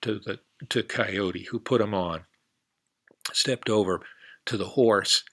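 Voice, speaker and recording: A man telling a folk tale for a library storytime in a folksy, relaxed way. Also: lowish voice, slow pace. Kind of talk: storytime narration.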